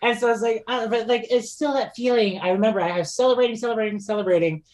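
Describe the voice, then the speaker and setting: A podcast guest with a high-pitched voice tells a personal story fast in casual conversation. He is animated, laughs often, and uses many fillers and restarts.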